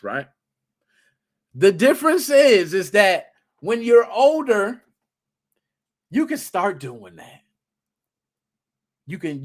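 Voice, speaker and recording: A man in his thirties holds forth on his podcast, his voice sitting a little higher than most men's. He talks in loose, slangy bursts and jumps into little acted-out voices whenever he quotes someone. It sounds like an unscripted solo chat with listeners. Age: 30s. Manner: animated storytelling, slangy, acts out quotes. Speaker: podcast host. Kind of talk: casual solo podcast talk.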